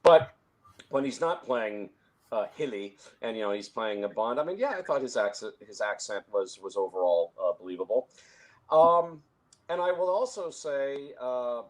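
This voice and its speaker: A man's voice: medium pitch, expressive, normal speed. A man in a casual film discussion, talking at length with frequent restarts and chuckles. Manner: rambling, many restarts, chuckles. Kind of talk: casual conversation.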